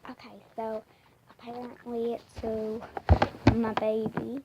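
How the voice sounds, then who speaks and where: A young girl hosts a playful crafts vlog, giggling, rambling and slipping into whispers now and then. Her voice sits fairly high and she speaks slowly. The home recording carries clear background noise. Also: monotone, warm tone, muffled recording. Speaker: vlogger.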